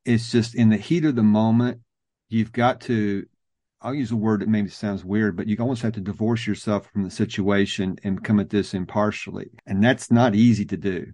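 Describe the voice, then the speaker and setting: A man hosting a podcast, speaking in a measured, thoughtful way. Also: lowish voice, fairly even intonation, dark tone, no room sound. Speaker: podcast host. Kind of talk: casual interview chat.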